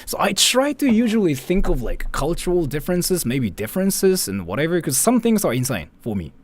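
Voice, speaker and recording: A man's voice: on the high side, very animated, a little fast. A man, chatting casually as a streamer in a rambling, filler-heavy way and swearing freely. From Japan. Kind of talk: casual commentary chat.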